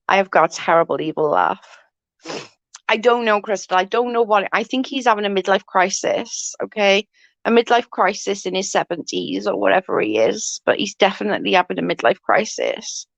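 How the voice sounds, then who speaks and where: A woman in her forties with a mid-range voice and some vocal fry talks at a normal speed in a casual home livestream, rambling, laughing frequently and swearing without holding back. The lo-fi recording is dry and dull.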